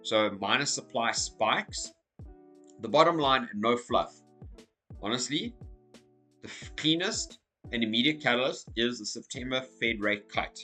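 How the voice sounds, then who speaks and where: A man with a hoarse, croaky voice talking casually through crypto market commentary, energetic and checking in with "okay?" as he goes. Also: mid-range voice, unhurried, faint music behind. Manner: energetic, repeats okay and so as you can see. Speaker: crypto YouTuber.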